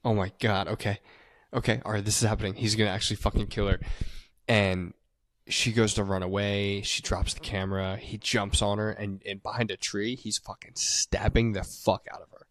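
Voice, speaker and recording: A low-voiced man tells a movie story with big energy, swears freely and slips into the characters' lines as he goes. The recording is close and dry, with no room sound. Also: moderate pace, dry recording. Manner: animated storyteller acting out quotes, swearing. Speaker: podcast co-host. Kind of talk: casual movie recap chat.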